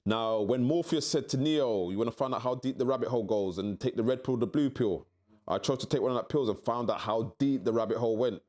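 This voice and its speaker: Speaking fast, a middle-aged interview guest recounts his story with candor, his voice resting at a mid pitch. When he quotes others he acts them out, leaping sharply upward in pitch, which keeps his delivery lively.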